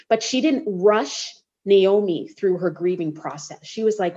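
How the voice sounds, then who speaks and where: Expressive woman podcast host, slightly muffled. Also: medium pitch, a little slow, hardly any pauses. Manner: warm expressive storytelling with quotes; uses y'all. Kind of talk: faith podcast Bible teaching. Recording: slightly dull lo-fi sound.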